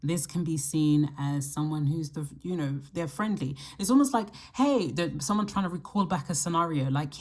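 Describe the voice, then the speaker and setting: A woman hosting her astrology channel, talking casually to camera and thinking aloud in a reflective way, with the odd soft laugh. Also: low-pitched, normal speed, hardly any pauses. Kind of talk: casual solo talk to camera.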